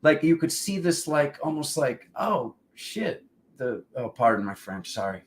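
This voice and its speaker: Rambling animated male storyteller. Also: mid-range voice, normal speed. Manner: rambling, animated, acts out quoted voices. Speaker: spiritual livestream host. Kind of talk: casual storytelling monologue. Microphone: livestream setup.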